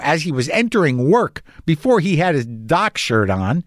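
A man's voice: fairly high pitch, very animated, moderate pace, few pauses, dry recording. Anxious rambling man, dry close sound. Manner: anxious, confessional, profane. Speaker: podcast host. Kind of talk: rambling monologue.

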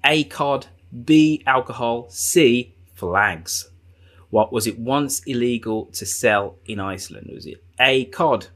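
A man's voice: medium pitch, takes it slowly, fairly bright tone. A man hosting a live quiz on a video call, reading out answer options and joking with guests. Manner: jokey, reads options aloud with repetition. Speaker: quiz host.

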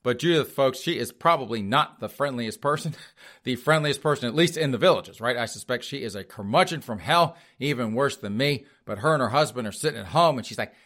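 A man's voice: medium pitch, animated, fairly quick, fairly bright tone. Sarcastic guy riffing on the news to his audience, voice jumps all over, keeps chuckling. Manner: sarcastic, addresses audience as folks, laughs often. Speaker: host. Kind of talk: comedic news commentary monologue.

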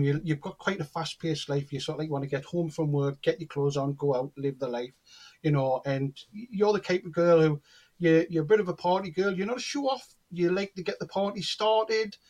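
Guy in his 40s, kinda high voice, telling stories and doing all the back and forth voices. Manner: animated storyteller, acts out quoted dialogue. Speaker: guest, cold reader. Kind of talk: casual storytelling chat.

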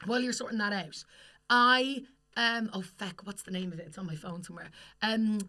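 A young woman from Ireland co-hosts a podcast in a medium-pitched, steady voice that comes across pushed and bright. She tells stories in casual, sweary chat and laughs quickly and often.

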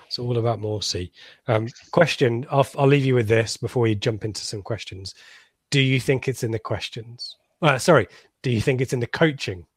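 A man breaking down a football match in loose radio chat. His delivery is dry and sarcastic, with frequent pauses and restarts. He is recorded in a dry, close sound. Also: mid-range voice, breathy edge, dry recording. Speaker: football fan pundit.

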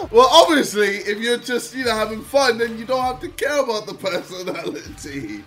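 High, lively, laughing man. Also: moderate pace. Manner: laughs often, teasing and joking. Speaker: host reacting to reaction videos. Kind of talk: casual reaction commentary.

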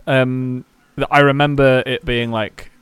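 Male co-host, thirties, medium pitch, dry humor. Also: level tone, a little slow, fairly bright tone, clear, resonant tone, no room sound. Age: 30s. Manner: dry, joking. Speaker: podcast co-host. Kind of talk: casual podcast chat.

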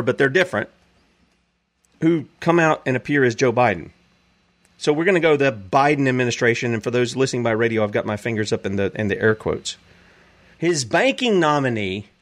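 Animated preaching man. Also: mid-range voice. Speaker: show host and preacher. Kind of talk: preaching commentary.

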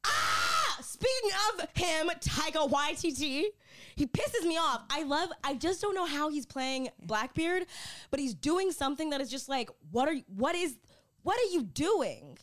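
A high-voiced woman co-hosts a podcast, her pitch swooping all over as she chats excitedly. She laughs often and acts out what others said. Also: moderate pace. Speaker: podcast co-host. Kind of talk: casual chat.

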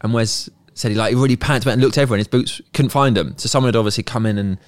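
A man hosting a football podcast, telling anecdotes in a quick, jokey way. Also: medium pitch, dry recording. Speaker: podcast host. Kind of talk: casual podcast chat.

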